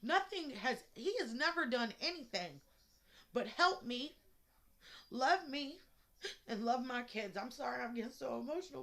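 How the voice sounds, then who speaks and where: A woman's voice: sits high, animated, normal speed, gravelly, a bit bright. A woman talking straight to her viewers in a personal vlog, emotional and blunt, swearing freely, recorded indoors at home. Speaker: vlogger.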